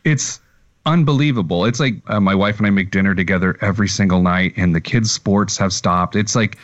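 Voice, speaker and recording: A man's voice: low-pitched, brisk, lo-fi sound. A man who works as a financial planner, a guest on a podcast, talking candidly with self-deprecating humor and open emotion. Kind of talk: casual remote interview.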